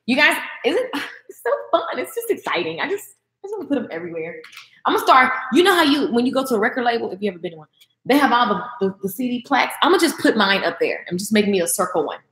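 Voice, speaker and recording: A woman's voice: fast, roomy sound. A young adult woman hosting a casual livestream, chatting with her viewers and answering their comments. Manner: animated, talks back to comments, swings high when excited. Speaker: livestream host.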